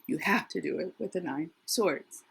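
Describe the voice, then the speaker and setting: Husky-voiced woman giving a chatty tarot reading. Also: lowish voice, lively intonation, moderate pace, a bit bright. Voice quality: husky, worn voice. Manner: chatty, thinks aloud, frequent restarts. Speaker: tarot reader. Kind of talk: casual tarot reading to camera.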